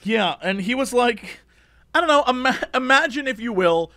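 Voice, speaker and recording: A man co-hosting a podcast, telling a story in casual chat with animated swings between loud bursts and mumbled asides. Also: very high voice, normal speed, no echo, studio quality. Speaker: podcast co-host.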